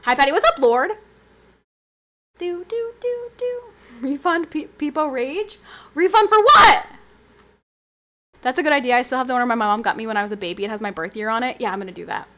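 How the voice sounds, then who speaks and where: A woman streamer in a loose, chatty flow, laughing often and now and then breaking into excited high squeals. Her voice sits a little on the high side. She reads her viewers' messages aloud and talks straight back to them. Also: brisk, long pauses. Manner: animated and giggly, with sudden high squeals. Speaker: livestreamer. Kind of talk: casual livestream chat, reading chat aloud.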